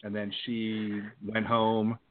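A man's voice: lowish voice, completely flat delivery, takes it slowly. A young man co-hosting a podcast, talking in a laid-back, dry way in casual chat. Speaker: podcast co-host. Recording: tinny phone line with faint hiss.

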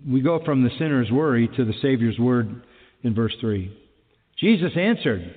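A man's voice: medium pitch, expressive, normal speed, in a large hall, phone-quality sound. A man preaching a sermon emphatically, repeating key phrases and asking rhetorical questions.

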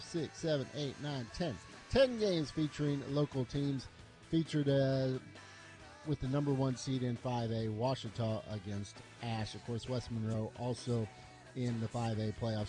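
A man over forty hosting a morning sports talk radio show, briskly reading scores and rundowns. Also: mid-range voice, mellow.

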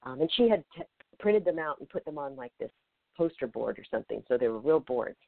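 A woman's voice: a bass voice, sing-song, a little fast, gravelly, no room sound. A woman hosting a show, telling a personal story in a rambling, hesitant way. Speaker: podcast host. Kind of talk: casual storytelling. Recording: tinny phone line, dry.

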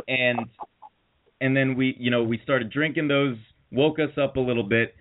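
A man's voice: mid-range voice, fairly even intonation, normal speed. A man telling a long story in casual chat, rambling with fillers and restarts and mocking the people in it. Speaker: podcast co-host. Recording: tinny phone-like audio.

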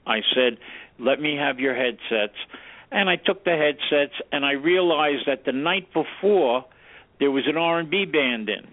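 Guy telling studio stories, kinda high voice, acts out all the dialogue, sounds like a thin phone-line radio feed. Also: measured pace. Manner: animated storyteller who acts out quoted dialogue. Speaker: guest, former recording studio sound engineer. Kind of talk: casual anecdotal storytelling in an interview. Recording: tinny phone-like radio audio.

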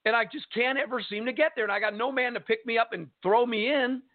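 A man voicing a frustrated, long-suffering man who pleads his case in a rushed, exasperated way over a tinny phone line. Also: very high voice, pitched above the performer's own voice.

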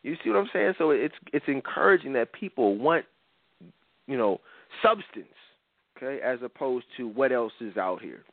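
Man, radio host, casual chat, earnest and emphatic, repeats himself, middle pitch, thin phone-like sound. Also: animated, moderate pace, creaky. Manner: earnest, emphatic, repeats words while building a point. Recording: tinny phone-like dry sound.

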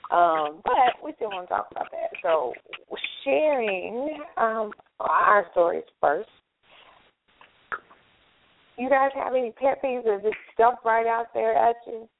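A woman hosting a casual evening chat show, talkative and quick to laugh. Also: fairly high pitch, animated, slight background noise. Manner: chatty, laughing often. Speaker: host. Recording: tinny phone-like call audio.

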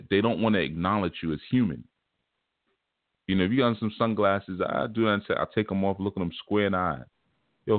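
A man's voice: low voice, no echo. A man hosting a spiritual teaching show, talking in a casual, laid-back, streetwise way and often repeating his phrases. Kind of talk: casual livestream talk. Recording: tinny phone-like dry sound.

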